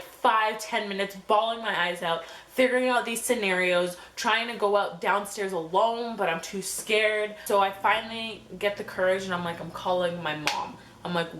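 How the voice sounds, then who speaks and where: A young woman telling a story on her vlog in a scattered, animated way, filled with fillers and acted-out quotes. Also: medium pitch. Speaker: vlogger. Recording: echoey room with faint hum.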